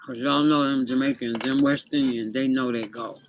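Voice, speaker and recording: A woman's voice: rumbling low, steady tone, normal speed, a little hiss or hum. A middle-aged woman vlogger telling a casual story, chatty and speaking straight to her viewers, sometimes eating as she talks.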